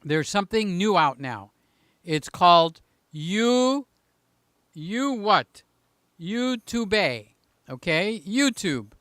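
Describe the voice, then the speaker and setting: An older man hosting a casual live stream, joking and teasing, swinging between loud bursts and quiet asides. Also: high-pitched, animated, takes it slowly, long pauses, dry recording, studio quality.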